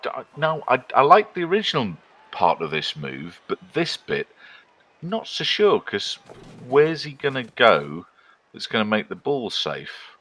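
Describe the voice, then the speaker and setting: A man's voice: mid-range voice, wildly swooping pitch, unhurried, fairly bright tone, rough recording. A man casually commenting on a board-game match from home, chatty and analytical. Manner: chatty, analytical, breaks off to talk to his cat.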